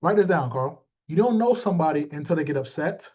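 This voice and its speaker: A man giving a motivational talk to his team, animated and streetwise, calling out listeners by name. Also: on the high side, fast talker, muffled recording. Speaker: team leader.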